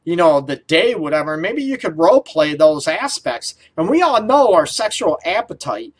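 Guy hosting a radio talk show, rambly and giggly, voice a bit on the high side. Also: big pitch swings, moderate pace, husky. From Detroit area. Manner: playful, laughs often, loose rambling questions. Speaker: radio show host, counselor. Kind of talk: casual talk radio, chatty.

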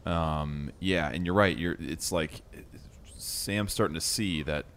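A man in a casual book discussion, animated and thinking aloud with fillers. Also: sits low, takes it slowly, a little hiss or hum.

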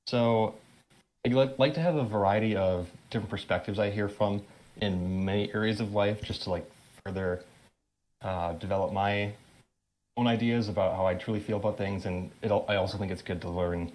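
Hesitant, low-voiced male caller. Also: fairly even intonation, moderate pace, darkish tone. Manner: hesitant, thoughtful, filler-heavy. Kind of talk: casual call-in question.

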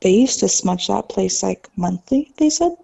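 Gravelly husky woman telling a ghost story. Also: mid-range voice, moderate pace, lo-fi sound. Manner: animated storyteller with many "like" fillers, mimics voices. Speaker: podcast guest.

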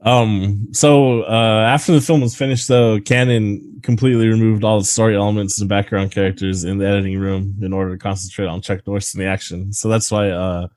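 Man, low voice, podcast co-host, swearing, chuckling, casual film talk. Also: steady tone, brisk, few pauses, darkish tone, no room sound. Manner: profane, laughing, rambling trivia. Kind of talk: casual movie-review chat.

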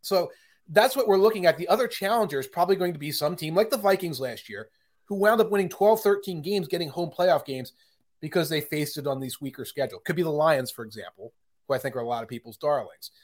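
A man with a fairly high voice breaks down football in casual podcast chat. He is opinionated and talkative, and often restarts his sentences mid-thought. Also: fast. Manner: chatty and opinionated, with frequent fillers and restarts.

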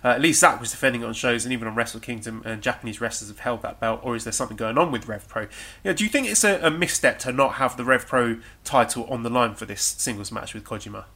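Bright-voiced man co-hosting a podcast. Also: medium pitch, fast, hardly any pauses. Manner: conversational, with some stammered restarts. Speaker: podcast co-host. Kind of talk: casual wrestling discussion, reading listener questions.

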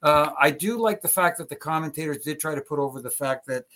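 A man's voice: on the high side, quick pace, fairly bright tone. Man analyzing wrestling on a podcast. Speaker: podcast co-host. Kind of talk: casual wrestling review chat.

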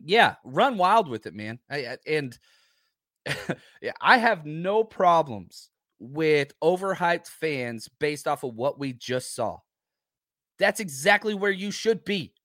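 A man in his thirties hosting a casual live stream from home, animated and repeating himself as he reads out chat comments. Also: fairly high pitch, slow pace, no room sound, clean studio sound.

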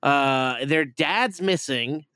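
A man's voice: fairly high pitch, extremely slow, sharp tone, no room sound, clean studio sound. Rambling, cursing man on a podcast. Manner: rambling, profane, full of fillers. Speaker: podcast co-host reviewing a movie. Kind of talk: casual chat.

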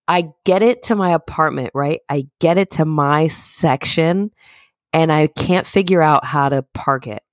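Woman cohost telling a story, lowish voice, dry close mic, acts out everyone she quotes. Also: measured pace, no echo. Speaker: podcast co-host. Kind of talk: casual chat.

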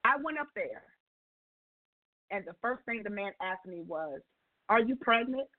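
A woman's voice: medium pitch, a little slow, no echo. Woman telling a testimony over the phone. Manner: lively storyteller acting out dialogue. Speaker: guest on call-in radio show. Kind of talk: personal testimony storytelling. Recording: tinny phone line.

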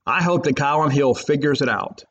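A man's voice: fairly high pitch, normal speed, a bit bright, slight background noise. A man hosting a sports podcast, talking in an emphatic, rambling way. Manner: emphatic, rambling, fan loyalist. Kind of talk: opinionated sports talk. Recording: muffled lo-fi podcast audio.

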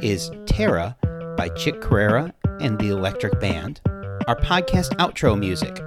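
A man's voice: fairly low pitch, very animated, a little slow, over loud music. A man co-hosting a podcast, chatting casually and animatedly. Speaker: podcast co-host.

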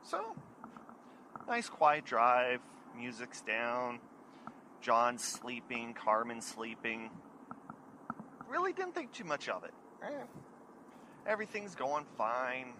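A man, hosting his own show and telling a casual, animated story, acting out his friends' lines as he goes. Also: mid-range voice, slow pace, long pauses, background noise. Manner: animated, acts out friends' lines and sings snatches. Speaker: podcast host telling a story.

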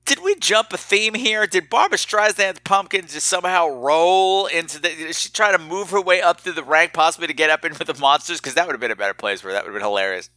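A man hosting a podcast, telling a rambling, self-mocking story in a casual, animated way. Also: fairly high pitch, fast, few pauses, no echo. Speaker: podcast host.

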